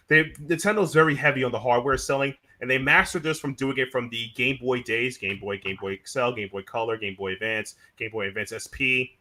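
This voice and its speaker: A man co-hosting a casual gaming podcast, animated and jokey, his voice jumping up when he makes a point. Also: a little fast, hardly any pauses. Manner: animated, jokey, with jumps in pitch and volume. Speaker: podcast co-host. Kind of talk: casual chat.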